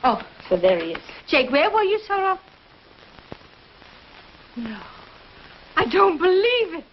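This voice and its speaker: Bustling housewife mother, chatty, quaint phrasing, high voice, muffled 1950s TV sound. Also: sing-song, unhurried, a little hiss or hum, heavily acted. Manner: chatty, fussing, quaintly worded. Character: bustling, warm-hearted middle-aged housewife and mother. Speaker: lead character, family mother. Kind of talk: 1950s TV sitcom acting.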